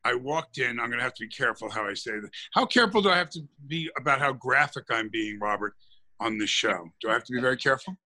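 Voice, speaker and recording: Talking fast over a low-quality recording, this medium-pitched co-host tells a lengthy story on his podcast. He's an animated storyteller who performs the quoted lines and keeps restarting his sentences.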